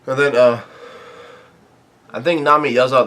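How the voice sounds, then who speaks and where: A man's voice: mid-range voice, steady tone, measured pace, fairly bright tone. A man casually recapping a comic chapter, reading the panels aloud and rambling with lots of fillers and restarts. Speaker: manga chapter reviewer.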